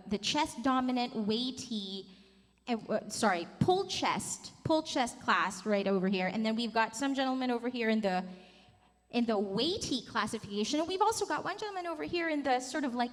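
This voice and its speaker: Her voice is on the high side and fairly bright. She is a vocal coach in her thirties teaching a workshop in a large conference hall, where long hall reverb fills the recording as she models vocal sounds and encourages everyone to join.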